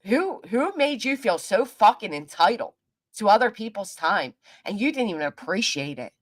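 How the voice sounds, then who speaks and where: A woman's voice: mid-range voice, very animated, moderate pace. A woman live streaming, ranting angrily with heavy cursing and talking back to her chat. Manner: heated, profane, talks back to chat. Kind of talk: angry livestream rant.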